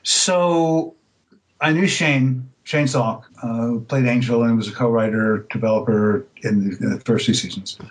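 A man's voice: medium pitch, rough recording. Hesitant man telling stories in an interview. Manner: hesitant, many fillers and restarts; relaxed storytelling, laughs easily. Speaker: voice actor, interview guest. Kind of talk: casual interview chat.

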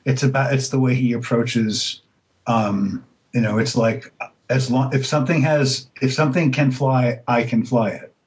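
A man of middle pitch chatting as an interview guest. He tells his stories loosely, stopping and restarting often, with lots of "um"s. He laughs easily along the way. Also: normal speed, low-quality recording. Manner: hesitant, many fillers and restarts; relaxed storytelling, laughs easily. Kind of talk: casual interview chat.

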